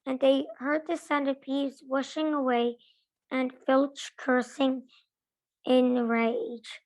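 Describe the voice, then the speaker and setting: A woman with a high voice reading a novel aloud at a slow pace. Her delivery is careful and steady, correcting small slips as she goes. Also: poor audio. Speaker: reader.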